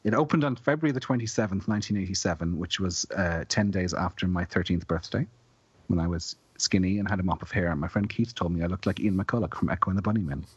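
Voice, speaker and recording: A man in his forties co-hosting a film podcast, with a low, husky voice. He is wry and reads trivia notes aloud. The sound is dry and a little muffled. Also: quick pace, no room sound. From Ireland. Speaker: podcast co-host. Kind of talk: casual film podcast chat.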